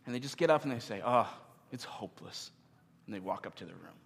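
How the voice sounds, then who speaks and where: A man's voice: on the low side, rapid-fire, creaky, husky. A pastor in his thirties preaches in an easy, conversational style and pokes fun at himself. His voice rises and falls a lot as he talks. A long reverb trails behind him, as in a large church auditorium. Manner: conversational, animated, self-deprecating humor. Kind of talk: sermon.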